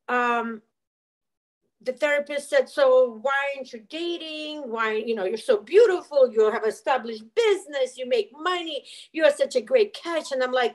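A woman's voice: sits high, low-quality recording. A middle-aged woman, an interview guest, telling a personal story in an earnest, emotional way and acting out the dialogue with animation.

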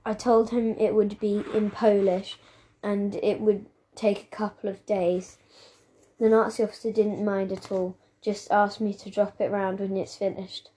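A woman reading a children's novel aloud, telling the story in a steady, plain way. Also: medium pitch. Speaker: audiobook reader.

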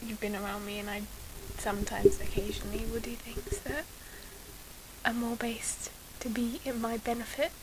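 A woman's voice: a little high, steady tone, normal speed, noisy background. A woman chatting as a guest on her sister's podcast, giggly and rambling. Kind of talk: casual chat.

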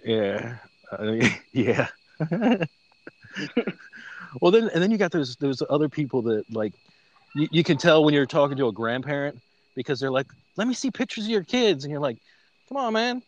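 A man's voice: mid-range voice, very animated, moderate pace, long pauses, muffled recording. A man in casual chat who laughs often and bounces jokes back in playful banter.

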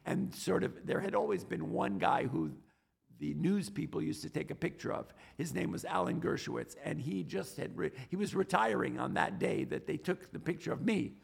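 A middle-aged man, telling stories in an interview, animated and often restarting his words. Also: on the high side, moderate pace, vocal fry, slightly rough. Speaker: podcast guest, stock trader. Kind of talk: casual interview storytelling.

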